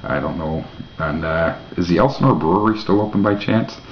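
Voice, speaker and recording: A man's voice: sits low, fairly quick. A man hosting his own vlog, rambling through mock-naive questions with dry jokes. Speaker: vlog host. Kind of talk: casual rambling monologue to camera. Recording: echoey room, dull lo-fi mic, faint hiss.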